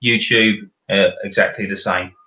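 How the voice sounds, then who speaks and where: A man's voice: low voice, steady tone, normal speed, pushed and bright, roomy sound, dull audio. A man with a South London accent, a podcast guest giving practical explanations in casual chat. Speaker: guest, video company director.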